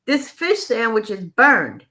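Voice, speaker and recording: A woman voicing a hungry, frustrated young man who speaks sternly and deliberately. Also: a little high, very animated, sharp tone, voice pushed up, full character voice.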